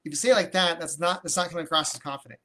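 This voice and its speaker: A man's voice: fairly high pitch, rapid-fire, pushed and bright, slight background noise. A man coaching on real estate deals during a livestream, talking energetically and conversationally, often restarting his sentences. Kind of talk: live-streamed teaching with viewer comments.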